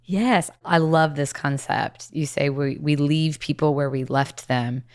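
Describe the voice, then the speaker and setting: A woman's voice: low-pitched, unhurried, a little mellow. A woman hosting a leadership podcast, introducing and interviewing her guest with eager enthusiasm. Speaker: podcast host.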